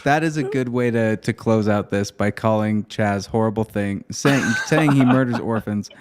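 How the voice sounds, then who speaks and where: A man's voice: fairly low pitch, normal speed. A young man co-hosting a casual movie podcast, joking and playfully mock-angry. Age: young adult. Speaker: podcast co-host. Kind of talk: casual chat.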